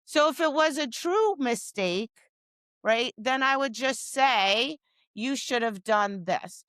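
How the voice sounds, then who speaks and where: A woman's voice: fairly high pitch, expressive, slow pace, a bit bright, no room sound. A woman dog trainer co-hosting a podcast, talking casually and animatedly, acting out her dog's replies and scolding owners with exasperation. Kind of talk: casual chat.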